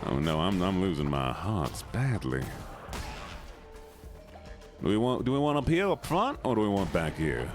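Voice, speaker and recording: A man's voice: low-pitched, very animated, normal speed, long pauses, soft background music. A man streaming a video game, chatting playfully with his viewers in casual commentary. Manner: playful, banters with chat, drops into silly voices.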